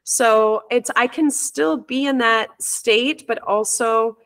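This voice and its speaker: A woman's voice: fairly high pitch, slow, fairly bright tone. A woman who teaches and coaches parents, talking openly and reflectively in a casual conversation, often restarting her sentences as she thinks. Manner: open, reflective, storytelling with many restarts.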